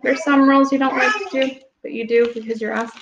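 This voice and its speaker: A woman reading picture books aloud to young children at home, pausing gently to ask them questions. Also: sits high, animated, background noise. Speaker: storytime reader. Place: home room with children nearby. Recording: echoey room, dull lo-fi audio.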